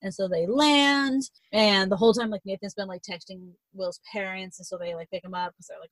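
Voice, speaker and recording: A woman's voice: medium pitch, fairly even intonation, a little fast, few pauses, dry recording, low-quality recording. Young woman gossiping thru a book plot, swears a lot, does little voices for the characters, dry close sound. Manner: rambling, swears casually, acts out characters' lines. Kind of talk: casual chat retelling a novel.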